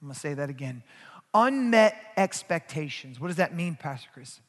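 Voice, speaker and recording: A male pastor preaching a sermon, moving from quiet asides to loud, emphatic passages. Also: medium pitch, fast talker, long reverb tail.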